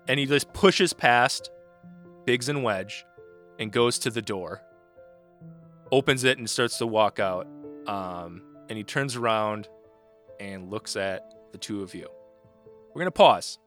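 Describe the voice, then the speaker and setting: A man running a tabletop role-playing game, narrating in a relaxed way with many fillers. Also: lowish voice, slow, long pauses, faint music behind. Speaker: game master.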